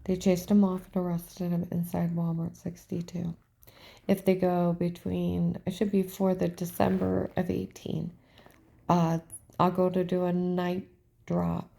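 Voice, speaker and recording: A woman's voice: lowish voice, gravelly, warm tone. A woman telling a personal story in a rambling, emphatic way, often dropping to a whisper. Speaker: storyteller recounting events.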